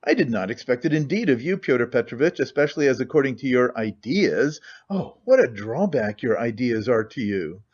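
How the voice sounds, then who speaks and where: A man voicing an excitable, preachy young idealist who lectures eagerly and talks in quick bursts. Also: mid-range voice, muffled recording.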